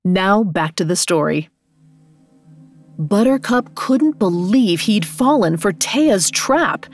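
A woman storyteller reading a scripted fairy tale aloud. Her delivery is expressive, lifting on suspenseful moments. Her pitch sits in a middle range, with soft music under her voice. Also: slow pace. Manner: expressive, with rises on dramatic beats.

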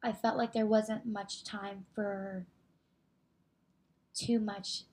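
A woman's voice: medium pitch, level tone, drawn-out words, a little mellow. A woman hosting a podcast conversation, giving short, supportive affirmations. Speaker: podcast host. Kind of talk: conversational interview.

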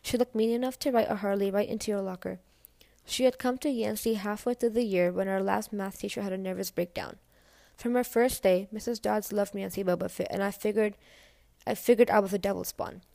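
A woman's voice: medium pitch, fairly even intonation, a little fast, creaky, mellow, no echo. A woman reading a novel aloud in a casual, first-person storytelling way. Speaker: audiobook reader.

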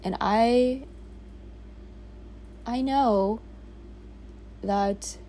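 Brief: woman in her 30s, vlog diary, rambling and candid, gravelly mellow tone, faint background hiss. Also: a little high, extremely slow. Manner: rambling, candid, with frequent "like" and swearing. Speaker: vlogger. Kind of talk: reflective casual monologue. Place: on a boat in a small village.

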